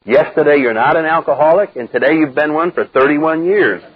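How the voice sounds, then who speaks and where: An older man speaking to a live recovery group, blunt and wry, acting out the voices he quotes in a lively way. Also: on the high side, brisk, breathy edge. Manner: animated storyteller who acts out quoted voices, wry and blunt. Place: meeting room with a live group. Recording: dull lo-fi 1990s cassette recording.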